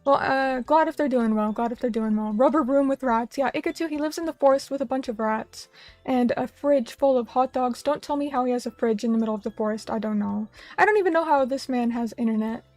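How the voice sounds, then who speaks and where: A young vtuber streamer chats casually with viewers from a little table in a small room, rambling and self-deprecating as she reads their comments. Her voice is a little high, fairly quick, and slightly mellow, with no echo and faint music behind.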